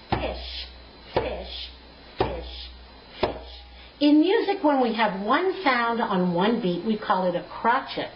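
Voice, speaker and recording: A woman music teacher, giving a slow, patient, clearly spoken lesson. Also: fairly high pitch, a little hiss or hum. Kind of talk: recorded classroom lesson. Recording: echoey, dull lo-fi room recording.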